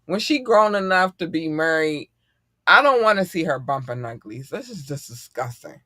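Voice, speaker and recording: A middle-aged man hosting a casual podcast chat, animated and profane and quick to laugh. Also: a little high, dry recording, clean studio sound. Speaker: podcast host.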